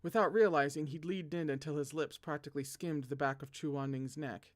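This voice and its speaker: A man reading a novel aloud as host of a read-along, animated and often stopping to joke and laugh at the text. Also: on the high side, brisk. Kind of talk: read-along narration with asides.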